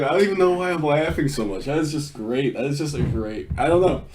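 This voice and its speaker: A man's voice: a little high, animated, quick pace, hardly any pauses, a little mellow, slight background noise. A man giving casual reaction commentary on a video, swearing freely, laughing often and restarting his sentences.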